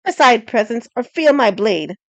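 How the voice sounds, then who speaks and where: A woman doing a loud, snarling, arrogant knight. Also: mid-range voice, lively intonation, a little fast, no echo, close to an everyday voice. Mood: scornful. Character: brash blustering arrogant male knight.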